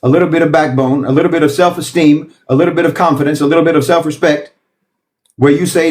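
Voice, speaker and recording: A man's voice: a little high, fairly even intonation, quick pace, a little mellow. A man giving an impassioned political talk, emphatic and lecturing, piling up repeated phrases. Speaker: political commentator.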